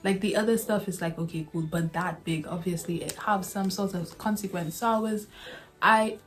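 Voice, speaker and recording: A woman's voice: lowish voice, steady tone, moderate pace. A young woman vlogger telling a casual storytime to her viewers, chatty and laughing often, calling them y'all.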